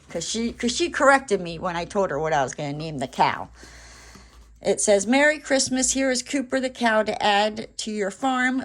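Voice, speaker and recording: A woman's voice: medium pitch, a bit bright. A woman telling a rambling story in casual chat while she crafts at home, full of fillers and restarts. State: briefly out of breath after running downstairs. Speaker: crafting vlogger.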